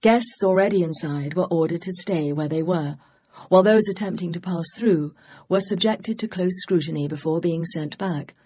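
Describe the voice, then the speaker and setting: An audiobook narrator reading a mystery novel in a steady, measured way. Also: medium pitch, slightly rough. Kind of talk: scripted narration.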